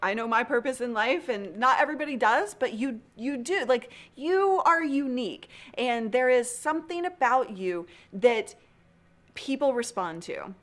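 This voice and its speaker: A woman's voice: a little high, lively intonation, normal speed. Encouraging woman hosting a live stream. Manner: earnest, encouraging, laughs often. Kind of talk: casual live-stream chat.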